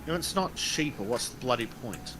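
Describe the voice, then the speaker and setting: A man's voice: medium pitch, expressive, fairly quick, crowd noise, rough recording. An Australian man, a guest in a casual gaming chat, talking bluntly and swearing. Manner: blunt, sweary, dry agreement.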